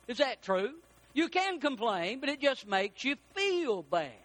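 High, bright-voiced preaching man. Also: moderate pace. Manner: animated preaching, rising to shouts for emphasis. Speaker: pastor. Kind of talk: sermon.

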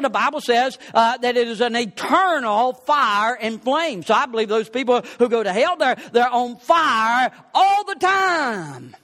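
A man preaching a sermon, swinging between rising exclamations and low, quiet asides. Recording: long hall reverb.

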